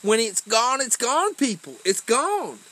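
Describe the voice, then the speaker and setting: A man's voice: very high voice, very animated, a little slow, bright, forceful tone, rough recording. Blunt, emphatic man in his forties. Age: 40s. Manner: blunt, emphatic, swears constantly. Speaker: podcast host. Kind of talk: casual profane chat.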